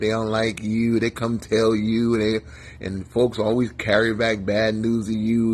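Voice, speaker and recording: A male pastor giving a conversational sermon in a folksy, chatty manner, talking to his listeners by name. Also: lowish voice.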